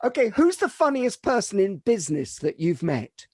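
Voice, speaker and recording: A man hosting a podcast who asks quick-fire questions and laughs easily. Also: sits high, very animated, darkish tone, breathy edge, dry recording, studio quality, soft background music. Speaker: podcast host. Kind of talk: interview questions.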